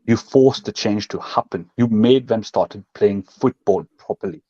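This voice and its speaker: A man's voice: on the low side, a little slow, dark tone, husky, no echo, muffled recording. A man co-hosting a football fan show, talking passionately and emphatically in casual chat and acting out what others say. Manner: passionate, emphatic, acts out quotes.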